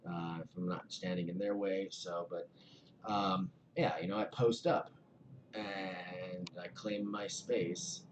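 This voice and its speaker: A man's voice: low voice, a little hiss or hum. A man in a casual vlog, reading viewer comments aloud and rambling through his replies with many fillers. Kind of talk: casual chat.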